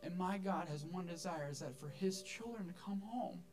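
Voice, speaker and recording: Male pastor, earnest sermon, slightly high voice, faint music bed. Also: moderate pace. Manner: earnest, repeats words when stressing. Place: church sanctuary.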